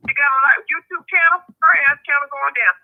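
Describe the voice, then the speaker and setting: A woman's voice: high voice, fast talker. A woman calling in to a live show, ranting in a heated, profane, fired-up way over a phone line. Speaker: caller. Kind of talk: heated call-in rant.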